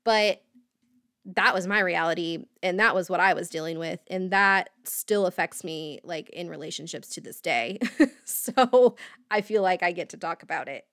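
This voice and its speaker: A woman's voice: lowish voice, moderate pace, a bit bright, dry recording, studio quality. A young woman from Indiana hosting a podcast, telling her own story candidly and rambling with fillers and nervous laughs. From Indiana, USA. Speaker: podcast host.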